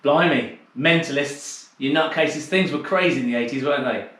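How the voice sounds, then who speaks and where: A man's voice: fairly high pitch, normal speed, fairly bright tone, recorded from a distance. A man teaching a dance class over a video call, calling out steps and chatting with a teasing manner. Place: home room on a video call. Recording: very echoey room.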